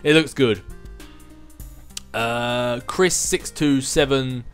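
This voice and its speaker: A relaxed man in an everyday mid-range voice talks through viewer questions, easygoing and prone to little chuckles. Faint music plays underneath. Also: medium pitch, drawn-out words. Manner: chatty and easygoing, chuckling between thoughts. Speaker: gaming channel host. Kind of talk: casual viewer Q&A chat.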